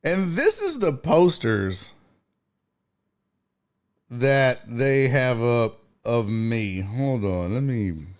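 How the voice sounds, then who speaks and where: A man's voice: mid-range voice, very animated, drawn-out words, long pauses. A male comedian and podcast host telling a story in casual chat, profane and exclaiming.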